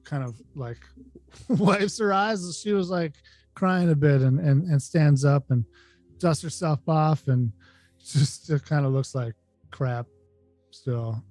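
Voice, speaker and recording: A man narrating a tabletop game as game master, halting and restarting as he talks. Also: fairly high pitch, a little mellow, no room sound. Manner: halting, many fillers and restarts. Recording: dry close mic, faint music.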